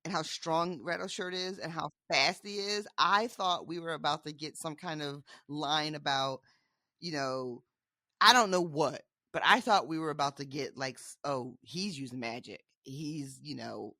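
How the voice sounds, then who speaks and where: A woman co-hosting a podcast, chatting casually about a book, animated and laughing often as she acts out quotes. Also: deep voice, normal speed, no echo, clean studio sound. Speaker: podcast co-host.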